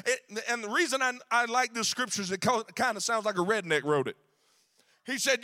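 A man preaching a sermon, shouting in a sing-song cadence with frequent "uh" fillers. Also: very high voice, expressive, moderate pace, pauses often.

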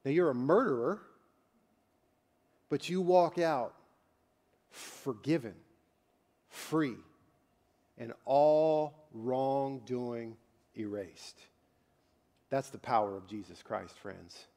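A man preaching a sermon, moving from quiet, conversational asides to loud, fervent passages, often repeating and restarting his words. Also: mid-range voice, expressive, slow pace, pauses often. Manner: preacher who swings from quiet intimate asides to loud shouted climaxes. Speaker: pastor.

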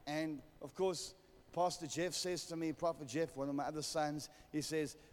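A man's voice: on the high side, steady tone, moderate pace, in a large hall. A man preaching a sermon, telling a humorous story and calling for amens. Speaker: pastor.

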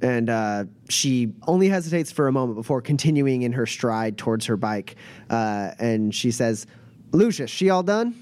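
A man running a tabletop game as game master, narrating haltingly with many fillers. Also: medium pitch, a little mellow, dry recording.

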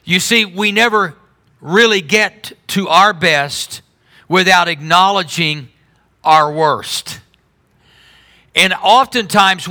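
A middle-aged man delivers a sermon in a loose, talky way. His voice sits high and very bright, with an edge. He swings from hushed, low asides to sudden loud, lifted lines. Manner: conversational preaching with sudden drops and rises in volume. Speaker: pastor.

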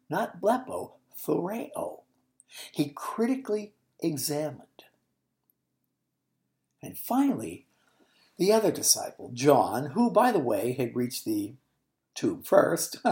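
Low, warm-toned woman teaching scripture, animated storyteller, unhurried. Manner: expressive, storytelling, explains original-language words. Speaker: Bible teacher. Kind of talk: expository Bible teaching.

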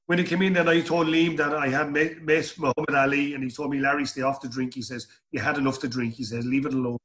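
A man's voice: medium pitch, steady tone, fast talker, hardly any pauses, a bit bright. A middle-aged Irish man telling stories in an interview, rambling and repeating words as he goes. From Ireland. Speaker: guest. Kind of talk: storytelling interview.

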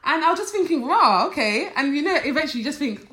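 A woman's voice: high-pitched, roomy sound. A young woman, chatting casually and telling a story as a podcast co-host, using a lot of slang. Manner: fast-talking, animated storyteller, London slang. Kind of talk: casual chat.

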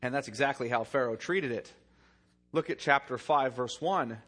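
Reading scripture and then retelling it, a male pastor preaches at a moderate pace in a mid-range voice. His delivery shifts dynamically between loud emphasis and hushed, quiet lines.

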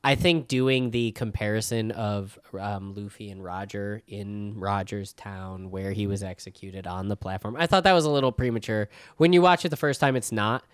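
A man's voice: on the low side, moderate pace, few pauses, clean tone, dry recording. Chatty young man, dry close sound. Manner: enthusiastic, swears casually, says dude a lot. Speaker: podcast host. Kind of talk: casual chat.

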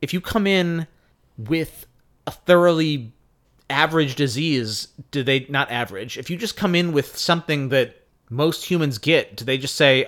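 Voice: mid-range voice, normal speed, a bit bright. A podcast co-host in casual chat who laughs easily and rambles, restarting sentences.

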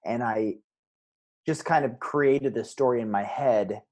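A man as a guest on a casual podcast interview, rambling through animated stories. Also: mid-range voice, unhurried. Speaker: guest filmmaker.

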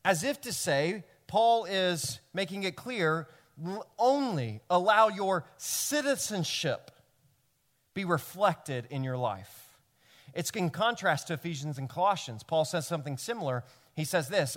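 Tennessee-accented male pastor, earnest sermon delivery, slightly high voice, long hall reverb. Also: unhurried. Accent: Tennessee Southern. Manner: earnest, animated, rising to emphatic peaks with frequent restarts. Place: church sanctuary.

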